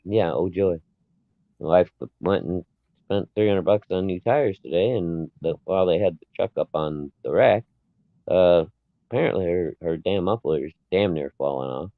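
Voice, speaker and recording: A man's voice: low voice, moderate pace, dry recording. A man co-hosting a podcast in casual chat, telling stories in a laid-back way and chuckling often. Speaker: podcast co-host. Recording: tinny phone-like line.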